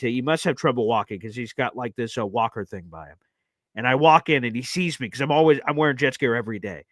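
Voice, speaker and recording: A man hosting a live football talk stream, enthusiastic and animated, often calling listeners "baby". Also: mid-range voice, no room sound, studio quality. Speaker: host of a sports talk show.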